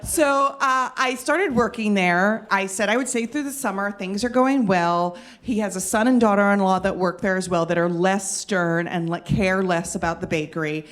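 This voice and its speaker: A woman telling a funny personal story in an animated, self-mocking way. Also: mid-range voice, moderate pace, hardly any pauses. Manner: animated, self-mocking, lots of fillers and restarts.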